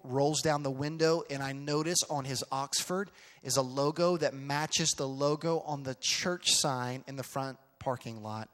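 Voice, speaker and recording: A middle-aged male pastor telling a story in a sermon, swinging from quiet asides to loud, emphatic outbursts. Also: medium pitch. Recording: long reverb of a large hall.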